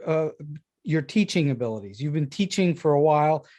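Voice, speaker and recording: A man's voice: a little high, lively intonation, brisk, darkish tone. A man hosting a podcast, asking short, curious follow-up questions. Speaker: podcast host. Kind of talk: interview questions.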